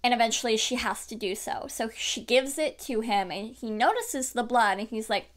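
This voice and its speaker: A young woman book vlogger telling and reacting to a fairy tale in an animated, chatty, casual way. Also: on the high side, moderate pace. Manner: animated, chatty, lots of fillers and laughs. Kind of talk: casual book review chat.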